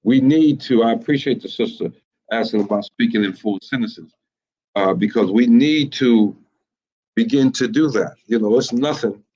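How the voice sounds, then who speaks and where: Halting male preacher on a muffled recording. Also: medium pitch, darkish tone. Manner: repetitive, halting, with many fillers and rhetorical questions. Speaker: teacher of a religious group. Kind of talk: sermon-style teaching.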